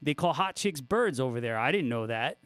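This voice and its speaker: A man's voice: mid-range voice, expressive, normal speed, a bit bright, dry recording. A man hosting a guitar livestream, chatting casually with viewers, joking, swearing freely and laughing a lot. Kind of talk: casual livestream chat, reading viewer comments.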